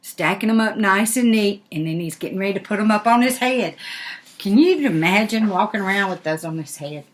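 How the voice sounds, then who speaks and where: An older woman, a grandmother, reading a picture book aloud in an animated way and asking the listener questions. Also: medium pitch, fairly quick. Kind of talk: storybook read-aloud.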